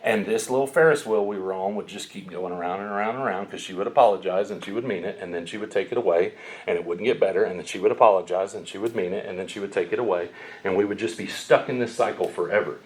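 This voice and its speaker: A middle-aged man preaching a sermon, telling stories bluntly with sharp, emphatic peaks. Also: low-pitched, fast talker. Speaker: pastor.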